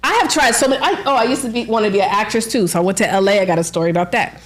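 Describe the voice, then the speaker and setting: A woman's voice: mid-range voice, rapid-fire, soft background music. Woman, book coach, podcast guest, casual storytelling, filler-heavy, laughs often. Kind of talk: casual interview chat.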